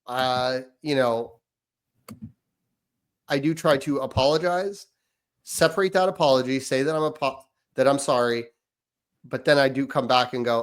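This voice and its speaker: A man co-hosting a parenting podcast who tells stories in a lively, animated way and often trails off into fillers. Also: medium pitch, normal speed, long pauses, clean tone. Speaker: podcast co-host. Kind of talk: casual chat.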